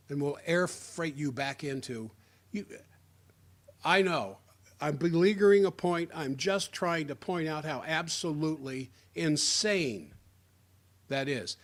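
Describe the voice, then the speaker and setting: A man's voice: fairly high pitch, takes it slowly. A man giving a sarcastic, rambling political opinion monologue, often restarting his sentences. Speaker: political commentator.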